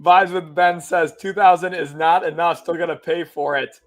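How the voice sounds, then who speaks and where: A young man hosting a casual sports livestream, laughing nervously as he reads donations out loud. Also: on the high side, fairly even intonation, moderate pace, faint music behind. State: nervous, excited. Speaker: livestream host.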